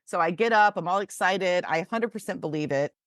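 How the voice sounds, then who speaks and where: A woman in her forties with a low voice tells stories on a podcast, acting out each quote with animated energy. The sound is dry and close to the mic. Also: a little fast, dry recording. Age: 40s. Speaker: podcast co-host. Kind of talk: casual storytelling chat.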